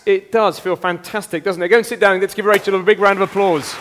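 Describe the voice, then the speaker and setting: A man preaching an interactive all-age sermon, lively and playful, with frequent exclamations. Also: high-pitched, fairly quick, hardly any pauses, in a large hall, slight background noise. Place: church.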